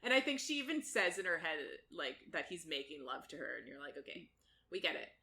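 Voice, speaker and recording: A woman's voice: sits low, very animated, fairly quick, vocal fry, pushed and bright. A woman co-hosting a podcast, chatting casually as she recaps a book, laughing often and swearing freely. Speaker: podcast co-host.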